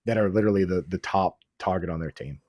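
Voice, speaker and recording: A man hosting a casual fantasy football podcast, talking excitedly, restarting sentences and calling his guest dude and bro. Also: deep voice, fast, no echo, clean studio sound. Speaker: podcast host.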